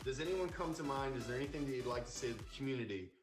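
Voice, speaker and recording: A man's voice: medium pitch, lively intonation, rapid-fire, music in the background. A man hosting a live stream, upbeat, giving hype-man praise to a guest. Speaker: live-stream show host. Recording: echoey room with faint noise.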